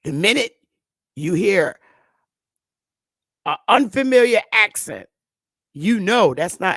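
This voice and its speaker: A woman's voice: medium pitch, expressive, slow, vocal fry, pauses often, fairly bright tone, dry recording, studio quality. A woman host delivering an impassioned commentary monologue, blunt and emphatic, with frequent profanity.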